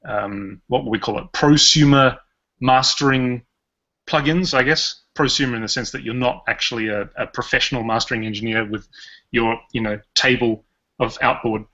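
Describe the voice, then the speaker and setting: A man's voice: medium pitch, fairly even intonation, normal speed, bright, forceful tone. A man with an Australian accent hosting a podcast in casual, rambling, jokey chat. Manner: rambling, jokey, chuckles often. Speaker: podcast host. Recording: dull lo-fi podcast audio.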